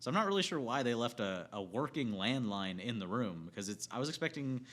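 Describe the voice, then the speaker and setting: A man with a bright, sharp-edged voice rants casually about a movie. He rambles, swears freely and keeps cracking himself up. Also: medium pitch, big pitch swings, brisk. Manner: profane, rambling, laughs often. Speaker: movie reviewer. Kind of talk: casual film rant.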